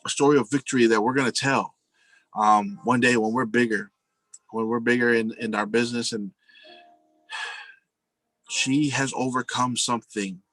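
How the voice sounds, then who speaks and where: A man's voice: on the low side, fairly bright tone, low-quality recording. Earnest rambling man talking to listeners. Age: adult, married with a family. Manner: earnest, rambling, addresses listeners as "guys", many "you know"s. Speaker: speaker telling personal stories. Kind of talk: casual spoken monologue.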